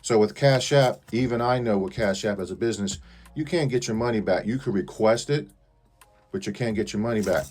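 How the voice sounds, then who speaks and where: A man's voice: on the low side, brisk, a little mellow, soft background music. A man vlogging an indignant complaint to his viewers, repeating pointed questions.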